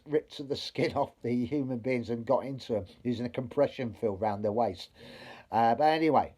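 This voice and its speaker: A vlogger addresses the camera with a rambling, opinionated review, cursing liberally and getting more worked up as he makes his case. He has a dark, mellow voice at an ordinary middle pitch.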